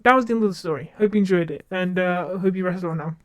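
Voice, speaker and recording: Young woman, streamer, casual chat, fast talker, rambling, many fillers, dry sound. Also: fairly low pitch, no echo. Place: home streaming setup.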